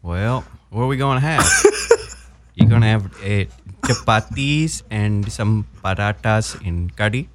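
A man's voice: lowish voice, measured pace, noisy background, close to an everyday voice. A man putting on a fussy Indian-accented parent. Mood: coaxing. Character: fussy immigrant parent calling a child to dinner.

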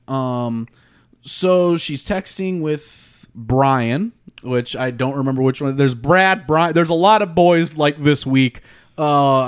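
A man's voice: mid-range voice, clear, resonant tone. A man hosting a podcast in casual chat, reading out social media posts with laughs and swearing. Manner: laughing, swearing, loose and rambling. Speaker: podcast host.

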